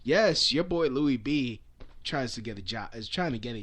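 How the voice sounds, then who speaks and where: A man's voice: mid-range voice, expressive, moderate pace, a bit bright. A young man ranting to camera in a rambling, swear-filled, comic style. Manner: rambling, swears often, frequent restarts and laughs. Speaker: vlogger. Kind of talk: profane comedic rant.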